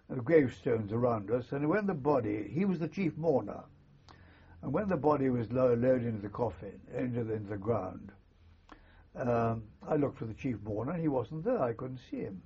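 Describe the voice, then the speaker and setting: A husky older man recalls his past in an oral history interview. He speaks haltingly and understatedly, often restarting his sentences. The recording is muffled and lo-fi. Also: mid-range voice. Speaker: veteran army chaplain interviewee.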